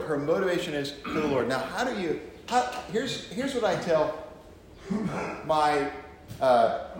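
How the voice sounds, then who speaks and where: A man's voice: mid-range voice, slight background noise. A man, a pastor, teaching from the Bible in a conversational way with joking asides to his listeners. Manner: chatty, joking asides to the audience. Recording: very echoey room.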